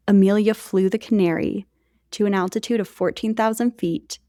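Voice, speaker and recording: A woman's voice: mid-range voice, darkish tone, no echo, clean studio sound. A woman co-hosting a podcast, telling a history story in a chatty way with jokey asides to her co-host.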